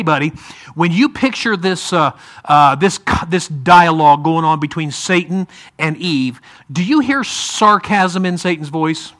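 A man's voice: high-pitched, bright, forceful tone. A man with an Ohio accent teaching a Bible class in a conversational way, often asking the group questions.

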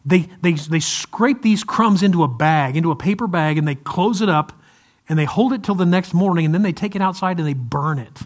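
Man, pastor, higher voice, conversational sermon, humorous asides, restarts sentences. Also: brisk. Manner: conversational preaching with light humor and frequent restarts. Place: church service, also streamed to viewers at home.

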